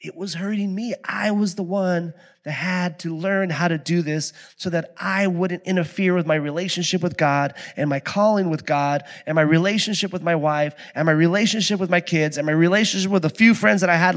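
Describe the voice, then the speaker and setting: A middle-aged man preaching a conversational sermon, moving between quiet reflection and loud, animated storytelling. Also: a little high. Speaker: pastor.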